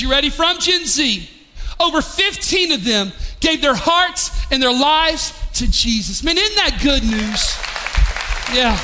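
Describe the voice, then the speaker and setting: A male pastor preaching an animated sermon, often rising to a shout. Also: extremely high pitch, background noise. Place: church sanctuary. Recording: long hall reverb.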